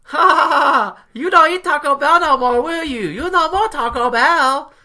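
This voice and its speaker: Man doing a high, loud, nagging nurse, broken English, comedy impression. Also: moderate pace, heavily acted. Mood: gloating. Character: ornery scolding female nurse, broken English. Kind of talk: comic impression in casual chat.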